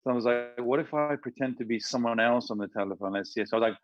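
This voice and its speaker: A man, an actor and voice performer, chatting casually and telling animated stories with quick impressions. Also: mid-range voice, no room sound, highs cut off. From United Kingdom. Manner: animated, slips into impressions mid-story. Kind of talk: casual interview storytelling.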